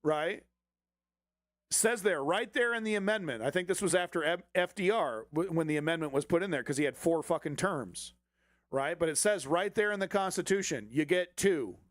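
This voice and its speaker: A man's voice: on the high side, lively intonation, moderate pace, no room sound. A man hosting a political commentary stream, ranting with heavy swearing and sarcastic mockery. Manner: sarcastic, swears often, mocks opponents in put-on voices.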